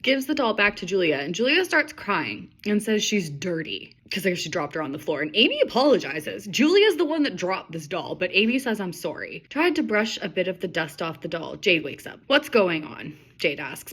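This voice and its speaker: Woman reading her old story out loud, bright and animated, keeps cracking dry jokes. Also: mid-range voice, a little fast, few pauses, breathy edge. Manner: wry, sarcastic asides. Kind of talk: reading aloud with joking commentary.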